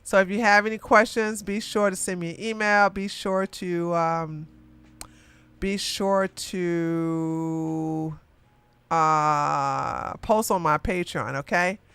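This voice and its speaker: Woman, livestream commentary host, chatty, laughs a lot, slow delivery, dry close sound. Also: on the low side, clean tone, dry recording. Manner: chatty, laughs often, animated bursts.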